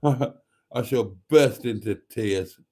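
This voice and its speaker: A man's voice: medium pitch, very slow, dark tone. A middle-aged man, chatting camply as he hosts a late-night live stream and reads out viewer comments.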